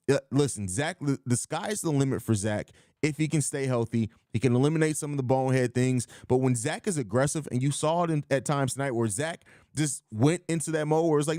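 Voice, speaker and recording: A man hosting a live sports chat in a casual, blunt manner, speaking with emphasis and reacting to viewer comments. His voice sits at a middle pitch for a man. The sound is dry and close, with no room echo. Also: fairly quick, a little mellow. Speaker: podcast host.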